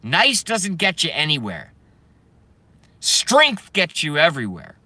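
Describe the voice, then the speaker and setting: A brash young man ranting on a live stream, swearing freely and rambling between viewer comments. His voice is bright and forceful, and it sounds dry and close. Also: fairly high pitch, wildly swooping pitch, slow pace, dry recording.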